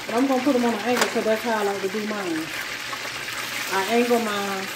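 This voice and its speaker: Here the cooking vlogger's voice sits at medium pitch and runs a little fast as she chats folksily with her audience. The frying sizzle is loud and echoes around the home kitchen, so there's heavy background noise.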